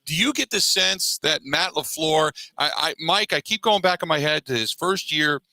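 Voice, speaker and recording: Man, sports talk radio host, very bright voice, dry close sound. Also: a little high, lively intonation, moderate pace, no echo, rough recording. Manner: reads ad copy then asks long questions.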